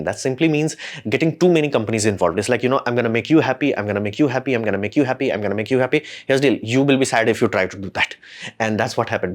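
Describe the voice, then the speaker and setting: Man, host, casual commentary, rambling, slangy, exasperated, mid-pitched voice.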